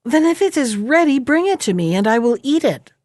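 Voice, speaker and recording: A woman voicing a huge, hungry male ogre who booms and demands in a fairy tale. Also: very animated, a little fast, a little mellow, no echo, clean studio sound. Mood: gruff. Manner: booming and demanding.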